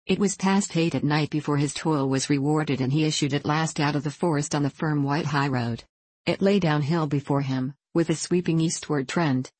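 A woman with a low voice reads a classic novel aloud at a measured, even pace. The recording is dry and close to the mic, with no room echo. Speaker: audiobook narrator. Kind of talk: scripted narration of a classic novel.

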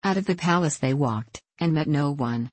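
Low-voiced woman reading a storybook. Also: animated, moderate pace, a little mellow, husky, no echo. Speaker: reader. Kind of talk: audiobook narration.

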